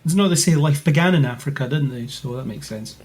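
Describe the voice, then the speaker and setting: Husky man chatting. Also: a little high, lively intonation, quick pace, darkish tone. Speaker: podcast guest. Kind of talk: casual chat.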